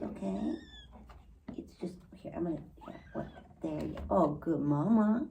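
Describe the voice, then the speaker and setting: A woman filming her kittens at home, talking to them in soft, soothing baby talk. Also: low-pitched, lively intonation, a little slow, a little hiss or hum. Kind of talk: casual home video, talking to pets.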